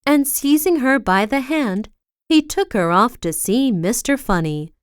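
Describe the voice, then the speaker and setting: A woman reading a children's storybook aloud in a slow, expressive way, with big swings for effect, on a close mic. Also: on the high side, clear, resonant tone, dry recording.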